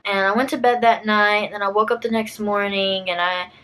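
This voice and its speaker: A woman's voice: medium pitch, fairly even intonation, brisk, fairly bright tone, poor audio. A young woman YouTuber telling a personal story to camera in a storytime vlog, chatty and full of fillers, acting out what people said. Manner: chatty, many fillers, acts out quotes.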